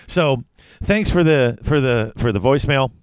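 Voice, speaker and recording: A man's voice: medium pitch, animated, moderate pace, no echo, clean studio sound. A man hosting a podcast, chatting casually with a co-host and rambling through his thoughts with many restarts. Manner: rambling, with frequent restarts and trailing off. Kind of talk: casual chat.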